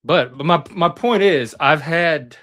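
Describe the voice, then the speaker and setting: A man's voice: on the high side, a little slow. A middle-aged man on a talk panel, casually telling personal stories and acting out the voices of people he quotes. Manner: animated, acts out quoted voices. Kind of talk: casual storytelling.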